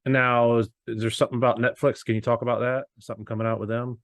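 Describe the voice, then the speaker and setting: A male podcast host speaks quickly, with a mid-range voice. He asks short, brisk questions and comes in with quick replies. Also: mid-range voice, flat delivery. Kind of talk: podcast interview.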